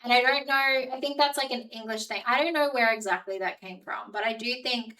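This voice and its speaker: A woman's voice: on the high side, fairly even intonation, normal speed, few pauses, pushed and bright, recorded from a distance, low-quality recording. A woman with an Australian accent, chatting casually with her live-stream audience and rambling with lots of "like". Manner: chatty, rambling, heavy use of "like".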